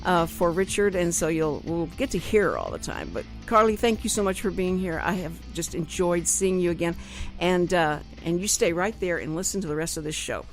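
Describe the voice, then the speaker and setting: A woman's voice: lowish voice, lively intonation, brisk, soft background music. A woman with a Texas accent hosting a radio talk show, chatting in a rambling, self-deprecating way. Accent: Texan. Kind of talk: casual chat. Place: radio studio.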